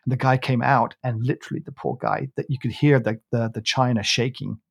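A man hosts a coffee podcast in a mid-range voice that is gravelly with a breathy edge, keeping a steady tone and a fairly quick pace on a dry, studio-quality recording. Casually chatting, he rambles through a long anecdote, restarting many times and laughing while he tells it.

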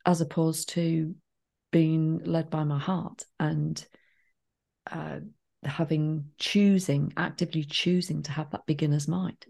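A woman co-hosting a podcast, telling personal stories in an earnest, measured way. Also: deep voice, little pitch movement, creaky, a little mellow. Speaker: podcast co-host. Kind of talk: casual reflective chat.

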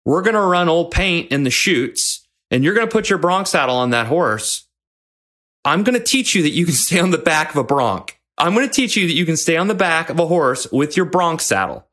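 A man's voice: fairly high pitch, expressive, normal speed, fairly bright tone, voice pushed up. A man voicing his old rodeo coach as a blunt, demanding but caring mentor who talks straight. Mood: encouraging. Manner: scolding, then firmly encouraging.

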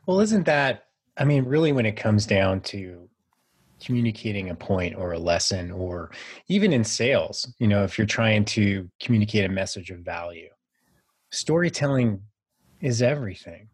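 A man hosting a podcast speaks in a fairly low, husky voice. He eagerly picks up his guest's point and runs with it. The sound is dry and close. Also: animated, normal speed, no room sound. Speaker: podcast host. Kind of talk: casual interview chat.

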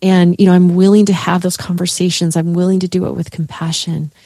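A woman's voice: fairly low pitch, flat delivery, fairly quick, dark tone, no echo, clean studio sound. A woman coach talking in a heartfelt, rambling way, with many fillers and restarts, in a podcast conversation. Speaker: guest, coach. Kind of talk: emotional conversational podcast chat.

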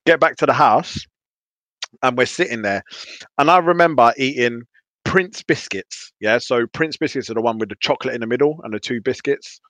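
A man's voice: mid-range voice, moderate pace, a bit bright, no echo. A young man telling a wild story to friends on a podcast, swearing freely and acting out his own panicked voice. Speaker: podcast guest. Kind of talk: casual storytelling.

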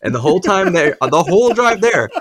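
Lively, laughing man telling stories. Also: sits high, fast talker, dry recording. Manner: swearing, laughing storyteller. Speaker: podcast co-host. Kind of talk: casual chat.

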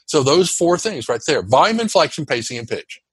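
A man being interviewed as a communication coach, talking with high energy and setting out his points as emphatic lists. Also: very animated, fairly quick, husky, no echo. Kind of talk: animated interview talk.

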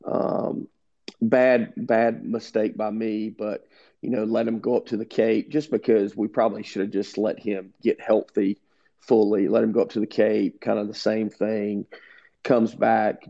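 A man's voice: lowish voice, unhurried, vocal fry. A middle-aged man, a head baseball coach, telling stories in an interview and acting out the quoted dialogue. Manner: animated storyteller who acts out quoted dialogue. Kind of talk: interview storytelling. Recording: dull lo-fi sound.

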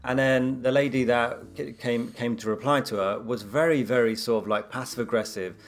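A man telling personal stories in a casual conversation, animated and full of fillers like "you know". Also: medium pitch. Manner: fast, animated storytelling with many fillers.

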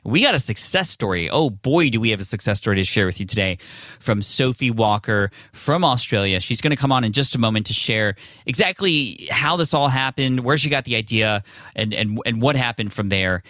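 A man's voice: medium pitch, lively intonation, a little fast, pushed and bright, no echo, studio quality. A man hosting a podcast, reading an ad and introducing a guest in an upbeat, enthusiastic, conversational way. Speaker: podcast host. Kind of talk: casual podcast intro and ad read.

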